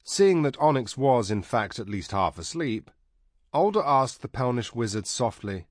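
Male audiobook narrator, calm and measured, lowish voice, dry close recording. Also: no room sound. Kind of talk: scripted narration.

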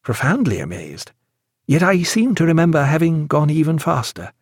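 A man's voice: fairly high pitch, sing-song, normal speed, husky, no room sound, pitched above the performer's own voice. A reserved ship's doctor with a dry, understated manner, politely unmoved, as a man voices him in a story reading. His delivery stays restrained. The recording is close and dry.

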